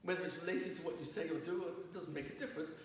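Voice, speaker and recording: A man's voice: fairly high pitch, fast talker. A man, a rabbi, giving a lecture to an audience, telling stories and asking the audience questions. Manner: storytelling, asks the audience questions. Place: lecture hall. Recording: roomy distant recording with faint noise.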